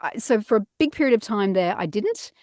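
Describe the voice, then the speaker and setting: In easygoing interview chat, a middle-aged voice actor pokes fun at herself and laughs frequently from her padded home booth. Her mid-range voice is expressive, brisk and a little mellow, heard in studio quality with no echo.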